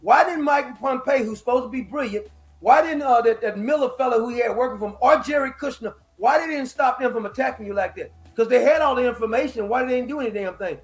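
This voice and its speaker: A man's voice: very high voice, fast talker. A man talking in a casual political chat on a live stream, blunt and profane, mocking and laughing often. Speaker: political commentator. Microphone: live stream microphone.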